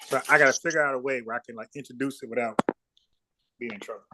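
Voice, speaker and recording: A man's voice: mid-range voice, fairly even intonation, fast, background noise. A man from South Carolina hosting a livestream, talking bluntly and profanely, repeating words when he gets fired up. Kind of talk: casual heated debate.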